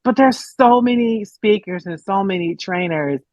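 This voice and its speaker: A woman's voice: mid-range voice, normal speed, a little mellow, no echo. A woman in the audience politely asking a question on a video call, thoughtful and searching for words.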